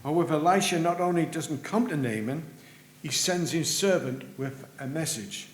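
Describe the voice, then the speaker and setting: A man preaching a sermon in a church, earnest, rising for emphasis and dropping low at the ends of phrases. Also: moderate pace. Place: church sanctuary. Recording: roomy church with faint hum.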